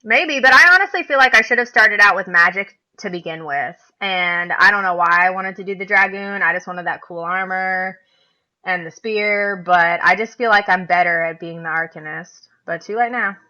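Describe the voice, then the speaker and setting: Woman, podcast co-host, casual animated chat, bright tense voice, dull lo-fi sound. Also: mid-range voice, normal speed. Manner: animated, laughing, acts out other players' lines.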